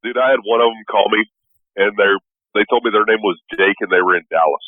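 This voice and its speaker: A man's voice: on the low side, quick pace, no room sound, narrow, tinny audio. A man who is a parent, playing a tabletop game over a video call, joking crudely and swearing a lot. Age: adult parent. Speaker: player.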